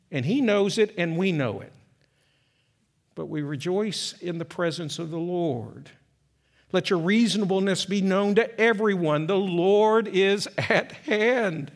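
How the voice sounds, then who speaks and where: Male pastor, high-pitched voice, impassioned sermon, loud peaks and hushed drops. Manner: impassioned, rising to loud emphatic peaks then dropping soft and slow.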